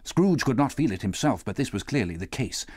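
A man reading a classic novel aloud as an audiobook narrator, measured and expressive. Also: mid-range voice, no echo. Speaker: audiobook reader. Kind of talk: scripted narration.

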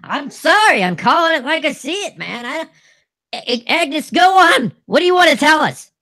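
A man's voice: extremely high pitch, sing-song, moderate pace, bright, forceful tone, no echo. Brash swearing male comedy co-host. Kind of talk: crude comedy banter.

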